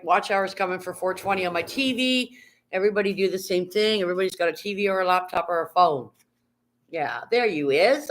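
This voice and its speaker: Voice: mid-range voice, fairly bright tone. A live streamer in casual chat, rambling and reading viewer comments aloud, talking from bed into a phone held in hand. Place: at home, lying in bed.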